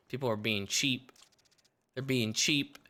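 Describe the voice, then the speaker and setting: A man's voice: medium pitch, drawn-out words. A man streaming a shooter game, chatting casually with lots of swearing and laughter. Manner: swearing, laughing, excitable outbursts. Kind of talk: casual gaming stream chat.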